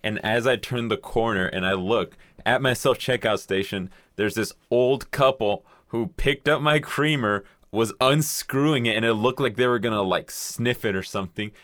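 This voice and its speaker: A man's voice: mid-range voice, normal speed, few pauses, a bit bright, no room sound, studio quality. A young man in casual chat, telling a long rambling story with casual swearing and acted-out quotes. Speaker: podcast co-host telling a story.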